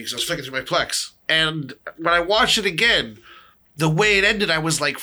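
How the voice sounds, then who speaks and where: A man hosting a casual chat, animated and swearing, acting out movie lines as he talks. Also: on the high side, fairly quick.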